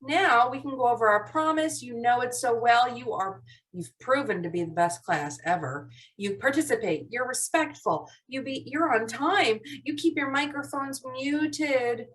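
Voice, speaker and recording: A woman's voice: a little high, expressive, moderate pace, fairly bright tone. A woman teacher leading a live online lesson for young children, in a cheerful, sing-song classroom voice over a video call mic. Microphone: video call computer mic. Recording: voice somewhat distant from mic.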